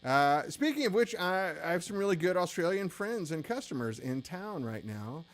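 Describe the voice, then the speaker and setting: A man's voice: high voice, sing-song, normal speed. A tired, middle-aged man hosting a casual gear-shop livestream, chatty and rambling with self-deprecating asides.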